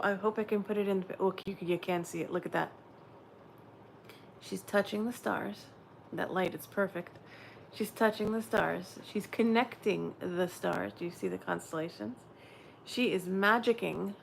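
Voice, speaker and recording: A woman reads oracle cards in a soft, dreamy way, often dropping into a whisper. Her voice sits in a middle pitch. A faint hum runs under the recording. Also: creaky. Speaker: oracle card reader. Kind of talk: spiritual card reading.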